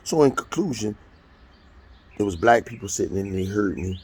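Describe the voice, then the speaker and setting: An expressive man from the United States, in his 50s, gives a blunt, profane, casual retelling of a court hearing at a moderate pace. His fairly low voice is gravelly and husky with a darkish tone.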